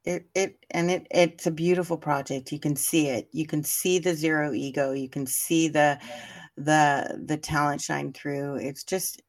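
A woman with a slightly low voice hosts a relaxed group conversation. She talks effusively and breaks into laughter often. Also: measured pace. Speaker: host. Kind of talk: casual group chat.

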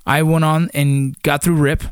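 A man's voice: on the high side, little pitch movement, measured pace, clear, resonant tone, dry recording, studio quality. Blunt, profane ex-Ranger man. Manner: blunt and profane, with many fillers. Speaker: former Army Ranger. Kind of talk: casual storytelling.

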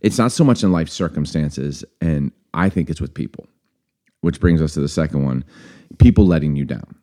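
A man with a low, mellow voice hosts a relaxed conversational podcast. He tells personal stories with animation and acts out the lines of the people in them. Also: normal speed. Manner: storytelling, animated, acts out quoted dialogue. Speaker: podcast host.

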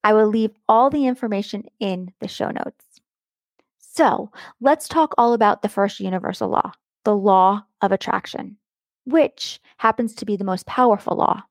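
A middle-aged American woman hosts a motivational podcast, her voice gushing and affectionate, with a slight gravelly fry at the ends of phrases. She leans on words to stress them. The sound is close and dry, with no room around it. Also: medium pitch, normal speed, no room sound. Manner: enthusiastic and affectionate, stretching words for emphasis. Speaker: podcast host. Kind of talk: warm motivational podcast monologue.

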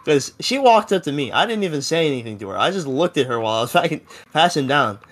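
A man's voice: a little high, very animated, quick pace, a bit bright. A seventeen-year-old young man telling a story in a casual podcast chat, rambling and full of fillers. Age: teens. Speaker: podcast co-host.

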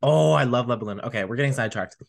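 A man's voice: medium pitch, very fast, gravelly. A man co-hosting a podcast, chatting casually and rambling with lots of fillers. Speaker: podcast co-host. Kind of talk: casual chat.

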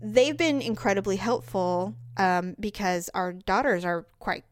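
A woman's voice: medium pitch, measured pace. A middle-aged woman telling a long family story in casual chat, acting out quoted voices. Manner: animated, acts out quoted voices with big jumps up.

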